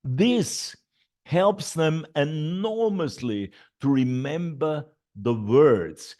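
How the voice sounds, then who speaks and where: Middle-aged male teacher trainer, unhurried and explanatory, with a lively, rising and falling pitch. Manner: explains classroom steps slowly, with many fillers and repeated et ceteras. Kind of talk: online teacher training talk.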